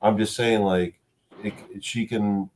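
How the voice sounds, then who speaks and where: A man's voice: on the low side, steady tone, slow, a little mellow, a little hiss or hum. A man joining a livestream as a guest in casual chat, joking and swearing freely.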